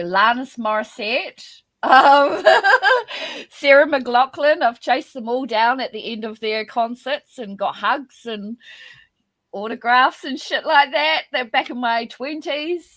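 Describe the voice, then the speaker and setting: A woman chatting casually on a podcast over a video call, expressive and quick to react. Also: on the high side, dry recording. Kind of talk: casual chat.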